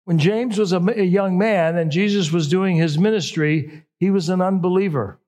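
A man's voice: high-pitched, normal speed, darkish tone. A middle-aged man preaching a sermon in a conversational way, often correcting himself mid-sentence. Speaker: pastor.

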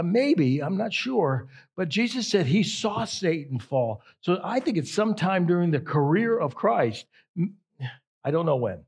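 A man preaching a sermon in a slightly high, husky voice. He leans on key words and repeats phrases for emphasis. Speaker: pastor.

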